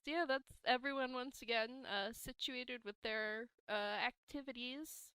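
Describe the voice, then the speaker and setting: A woman running a tabletop game as game master, relaxed and hesitant as she narrates. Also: high voice, clear, resonant tone, no echo. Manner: relaxed and unhurried, with many hesitations.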